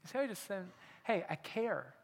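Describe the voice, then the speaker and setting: Male pastor, high bright voice, sermon delivery swinging between hushed and urgent, long church-hall reverb. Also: big pitch swings, fairly quick, vocal fry. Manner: swings from hushed intimate asides to loud urgent appeals.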